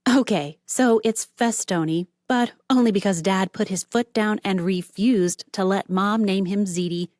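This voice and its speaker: A woman's voice: mid-range voice, a little slow, a little mellow, no room sound, studio quality, lightly acted. A woman doing a bubbly chatty young barista. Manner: bubbly, brash, talkative.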